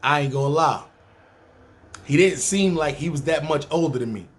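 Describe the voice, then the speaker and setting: A man's voice: a little high, moderate pace. Profane New York man telling a story. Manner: profane, streetwise, acts out other people's voices. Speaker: storyteller, podcast host. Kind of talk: casual storytelling monologue.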